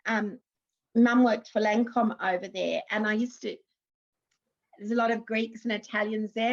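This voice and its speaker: Australian actress in her fifties, guest on an interview show; chatty, high-ish voice, muffled lo-fi recording. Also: gravelly. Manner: chatty, warm anecdotes with laughs and restarts. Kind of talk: casual interview storytelling.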